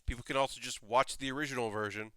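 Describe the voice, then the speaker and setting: A young man rambling casually while building a model kit on a live stream, with animated asides. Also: mid-range voice, quick pace, no echo.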